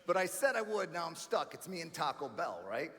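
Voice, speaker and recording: A man from New York doing energetic, chatty stand-up comedy as a banquet keynote, often calling the crowd friends and man. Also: on the high side, brisk. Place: large banquet hall. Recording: live hall reverb with faint room noise.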